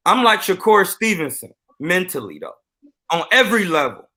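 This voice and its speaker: A boxing coach telling a story on a live stream in an animated, boastful way. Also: male voice, high-pitched, moderate pace.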